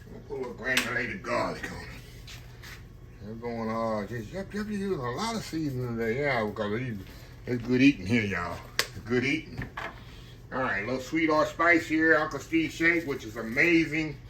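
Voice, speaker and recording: A man's voice: mid-range voice, animated, normal speed, noisy background. A man hosting a casual cooking demonstration in his home kitchen, chatty and folksy, always calling out to his viewers. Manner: folksy, chatty, keeps addressing viewers as y'all. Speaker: cooking channel host.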